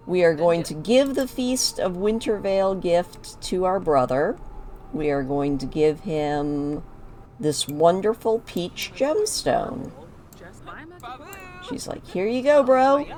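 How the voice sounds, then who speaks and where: A woman's voice: sits low, dark tone. A woman chatting casually as she narrates her own moves while playing a life-sim game. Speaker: gaming video creator.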